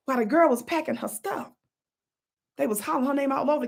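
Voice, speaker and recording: A woman, hosting her own channel and telling a story in an animated way, often breaking off to say "watch this" and dropping into whispers. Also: a little high, quick pace, gravelly, husky. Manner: animated, repeats "watch this", drops to whispers for quotes. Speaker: channel host. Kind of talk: storytelling vlog.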